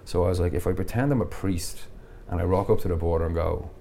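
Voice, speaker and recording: A man, a podcast guest telling travel stories in a casual, animated way and laughing often. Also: low-pitched, fast, vocal fry, a little hiss or hum. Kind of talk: casual storytelling.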